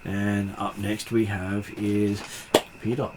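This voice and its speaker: Man, game master, low voice, hesitant, noisy recording. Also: flat delivery, slow pace. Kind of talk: hosting a tabletop game.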